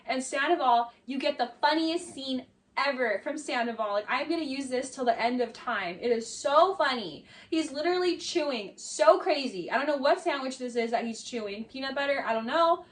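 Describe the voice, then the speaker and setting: Woman commentator, high voice, chatty and sarcastic, mic set slightly away. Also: normal speed, recorded from a distance. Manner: chatty, many "like"s, mocking asides. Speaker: video essay commentator. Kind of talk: casual commentary.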